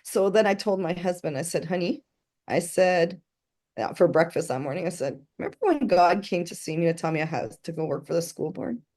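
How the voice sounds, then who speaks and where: This middle-aged woman speaks as an interview guest, sharing a casual story with earnest feeling and quoting the voices of those involved. She talks a little fast in a lowish, dark-toned voice with lively intonation.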